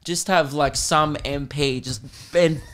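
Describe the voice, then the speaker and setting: A man's voice: on the high side, steady tone, slow pace, fairly bright tone. A young Australian man hosting a podcast, ranting crudely and sarcastically between laughs. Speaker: podcast host and comedian. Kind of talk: casual comedic rant.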